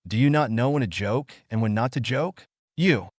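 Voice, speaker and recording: A man's voice: mid-range voice, expressive, moderate pace, a little mellow, no echo, clean studio sound, natural voice. A man voicing a blunt, protective young man who snaps in curt, exasperated lines, in a storybook reading. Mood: angry.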